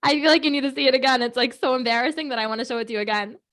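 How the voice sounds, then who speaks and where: High-voiced, animated woman host. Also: rapid-fire. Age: 30s. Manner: animated, chatty, full of fillers and asides. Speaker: host of a children's prayer program. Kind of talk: lively talk to kids on a video call.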